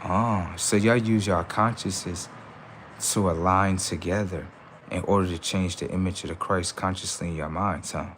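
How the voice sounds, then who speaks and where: A man hosting a livestream, ranting in a preachy, confrontational way and talking back to his chat, swinging from loud outbursts to low mutters. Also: steady tone, moderate pace, a little hiss or hum. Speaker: livestream host. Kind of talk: casual livestream rant.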